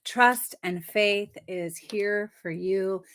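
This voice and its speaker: A woman giving a live card reading as a numerology coach, speaking in a soft, affirming, reflective way and often checking in with the listener. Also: mid-range voice, drawn-out words, noisy background.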